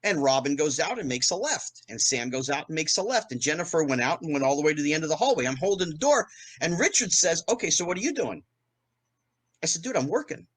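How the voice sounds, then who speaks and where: A man in his fifties from New Jersey, a guest in an interview, telling a fast anecdote and acting out the quotes with big jumps in pitch. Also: big pitch swings, no echo. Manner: fast storytelling with acted-out quotes, rising pitch on punchlines. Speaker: guest, former child actor.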